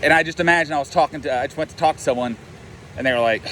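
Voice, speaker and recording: A man's voice: medium pitch, racing, pushed and bright, a little hiss or hum. A man and life coach talking in a rambling, profane, self-mocking way in a casual monologue.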